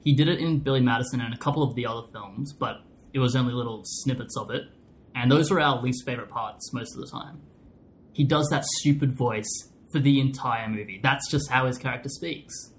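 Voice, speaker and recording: A man's voice: mid-range voice, fairly quick, slight background noise. A man hosting a casual film podcast, joking dryly and steering the talk. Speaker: podcast host. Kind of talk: casual chat.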